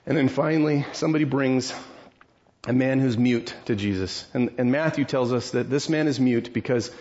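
A man preaching a sermon, retelling a story with animated acted voices. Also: on the high side. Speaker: pastor. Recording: dull lo-fi sound.

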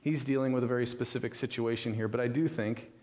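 A man preaching a sermon in a conversational, animated storytelling manner, often asking "right?". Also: mid-range voice, fast. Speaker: pastor.

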